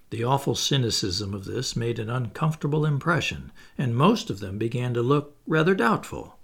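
Gravelly, expressive male storyteller. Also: medium pitch, normal speed, hardly any pauses. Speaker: audiobook narrator. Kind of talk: storybook narration.

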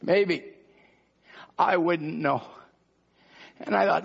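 Husky high-voiced male preacher. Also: normal speed, pauses often, dull audio. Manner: impassioned, conversational preaching with rhetorical questions. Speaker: pastor. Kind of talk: sermon.

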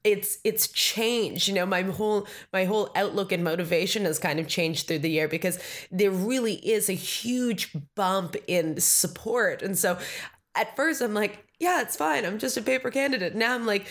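A woman's voice: medium pitch, a little slow. A woman in her thirties, a political candidate, talking casually in an interview with many fillers and acted-out quotes. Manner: chatty, many fillers, acts out quoted talk. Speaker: Green Party candidate. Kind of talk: conversational interview.

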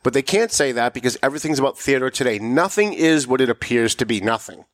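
A man's voice: mid-range voice, lively intonation, quick pace, no echo, clean studio sound. A man hosting a political talk show, emphatic and pushing his voice up sharply when making a point. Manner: emphatic, rising to sharp mocking peaks. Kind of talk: political commentary chat.

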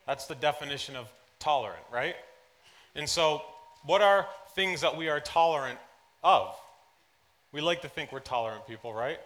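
A man preaching a sermon to a church congregation, telling personal anecdotes in an animated way, dropping to soft asides and then rising into loud excited bursts. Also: a little high. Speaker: pastor. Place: church service.

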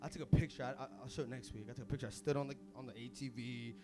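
A young man preaching an energetic sermon as pastor, casual and full of slang, swinging from hushed asides to shouting. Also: mid-range voice, racing, music in the background.

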